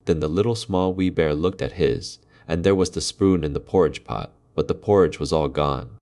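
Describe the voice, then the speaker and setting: A man reading a classic fairy tale aloud in a slow, measured way. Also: low-pitched, a little mellow. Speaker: storyteller.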